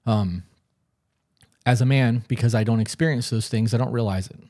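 A man's voice: mid-range voice, moderate pace, darkish tone. A man co-hosting a casual podcast conversation, talking in a blunt, emphatic way with frequent swearing. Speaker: podcast co-host.

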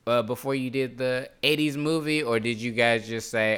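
A man's voice: medium pitch, fairly even intonation, moderate pace, pushed and bright, clear, resonant tone. A man co-hosting a casual podcast chat, joking, swearing and laughing often. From North Carolina. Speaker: podcast co-host.

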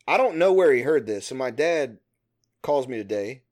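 A man talking casually with a friend, rambling through a story, cursing freely and laughing as he goes. His voice sits at an ordinary middle pitch. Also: animated, moderate pace, darkish tone. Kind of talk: casual chat.

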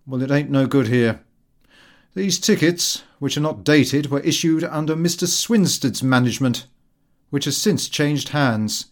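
A man's voice: mid-range voice, a little slow, lightly acted. A man voicing a curt, dismissive theatre official who talks in slangy phrases, in an audiobook reading.

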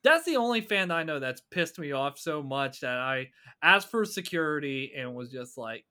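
A man co-hosting a casual podcast who tells stories with animated energy and acts out other people's lines. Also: fairly high pitch, moderate pace, clear, resonant tone. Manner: animated storyteller, acts out quotes. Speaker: podcast co-host. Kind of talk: casual chat.

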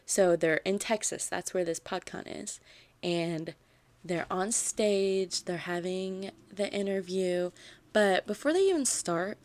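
A woman hosting a book podcast, retelling a novel's plot in a chatty, animated way with lots of "like" fillers. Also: on the low side, slow pace. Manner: animated storytelling, frequent "like" fillers.

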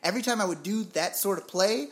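A man's voice: sits high, quick pace. A young man from Puerto Rico co-hosting a casual sports podcast, telling stories with lots of laughs and casual swearing. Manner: animated storyteller, laughs often, swears casually. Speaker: podcast co-host.

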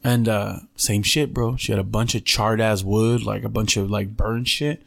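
A man's voice: on the low side, steady tone, moderate pace, creaky. A man hosting a podcast, telling a story in casual chat, slangy and full of swearing. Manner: profane, slangy, keeps saying "bro". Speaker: podcast host.

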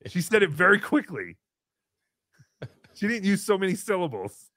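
Reading paid messages on his casual livestream, this man makes sarcastic jokes, alternating loud outbursts with muttered side comments. His high-pitched voice is sing-song and brisk with frequent pauses, and the studio-quality audio has no room sound.

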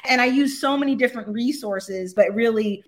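Animated American woman telling a story. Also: on the high side, moderate pace. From United States. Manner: animated, laughs often, acts out quotes. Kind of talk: casual storytelling.

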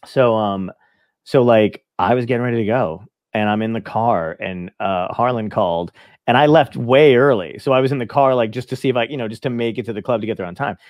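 A man's voice: medium pitch, a little fast, a little mellow, no room sound. A male stand-up comedian from Brooklyn telling stories in a casual, profane chat and acting out the voices of people he quotes. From Brooklyn, New York; grew up in New Jersey. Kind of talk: casual podcast chat, storytelling.

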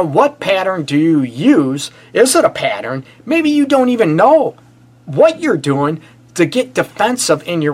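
Blunt, animated male counselor. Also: a little high, breathy edge. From Detroit area, USA. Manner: animated and blunt, addresses listeners as "people", frequent "you know what". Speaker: relationship counselor and show host. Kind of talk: casual advice talk show.

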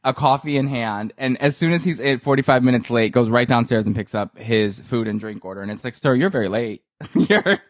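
A man's voice: medium pitch, steady tone, brisk, no echo. Gossipy young man, dry close mic. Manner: gossipy, acts out quotes from the show. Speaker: podcast co-host. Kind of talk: casual chat.

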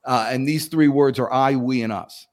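This Southern US sales coach talks at normal speed with a medium-pitched voice during a guest interview. Animated and lively, he performs phone calls by switching between different voices.

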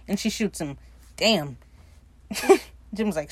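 A woman's voice: medium pitch, slow, long pauses, husky, no room sound. A woman giving a casual, sassy recap of a TV episode, laughing often and swearing freely as she retells scenes. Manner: animated, laughing often, retelling scenes with playful quoted voices. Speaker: recap podcaster.

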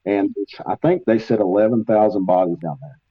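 A man telling travel stories as a guest paranormal investigator, rambling and animated, with many fillers. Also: fairly low pitch, a little fast, husky, no room sound, dull audio. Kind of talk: casual storytelling in a podcast interview.

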